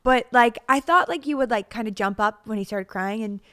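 A woman's voice: a little high, a little fast, a bit bright, clear, resonant tone. A woman in her thirties co-hosting a podcast in casual chat, rambling and laughing often, a little tired. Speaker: podcast co-host.

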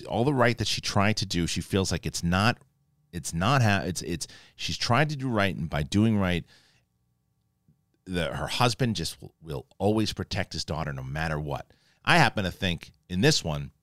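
A man hosting a spoiler review of a TV episode, talking excitably, swearing casually and acting out scenes. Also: on the low side, no room sound, studio quality. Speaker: TV review show host. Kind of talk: animated spoiler review talk.

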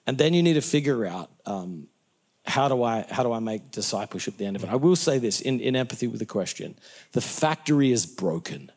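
A middle-aged Australian man talks like a pastor in the middle of a sermon, even though he is a guest in an interview. He doubles back on his words and breaks into laughter at his own asides. His voice sits in an ordinary middle pitch for a man. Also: fairly quick. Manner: animated, self-interrupting, laughs at own jokes. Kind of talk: conversational interview answers, preacherly.

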